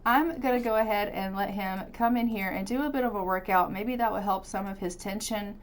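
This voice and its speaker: A brisk, medium-pitched woman casually talks through her life-simulation gameplay as a let's-play host, upbeat and chatty while describing what she does. There's a little hiss or hum in the recording.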